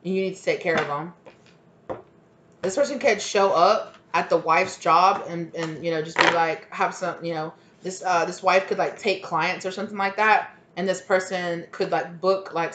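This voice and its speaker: A woman's voice: fairly low pitch, steady tone, moderate pace, few pauses, noisy background. A woman giving a casual tarot reading, rambling with lots of "like" and sudden exclamations. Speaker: tarot reader.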